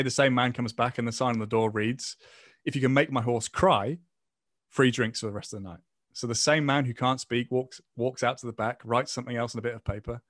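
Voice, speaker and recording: A man's voice: medium pitch, fairly bright tone, no room sound, studio quality. A man hosting a casual podcast, playfully reading prompts and telling a long joke. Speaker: podcast host.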